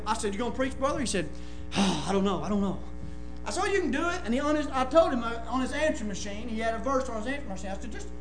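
Man preaching, very high and bright tone, shouts at the peaks, music faint behind. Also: echoey room. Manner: impassioned, often shouting. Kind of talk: sermon.

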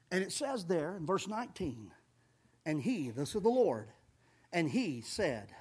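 A man preaching a sermon, emphatic, swelling loud on key phrases and calling his listeners folks. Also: on the high side, very animated, a little slow, breathy edge. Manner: calls audience folks, says amen often.

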